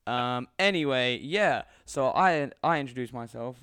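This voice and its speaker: A man from co-hosting a podcast, upbeat and teasing, quick to laugh. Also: mid-range voice, lively intonation, fairly bright tone, clear, resonant tone, no echo, clean studio sound. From London. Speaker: podcast co-host. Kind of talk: casual chat.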